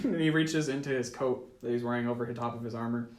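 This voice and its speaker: Teen boy game master, relaxed and full of fillers, in a roomy school room. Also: mid-range voice, fast, hardly any pauses. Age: teens. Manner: casual, laughing often, many ums and uhs. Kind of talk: narrating a tabletop game. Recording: echoey room.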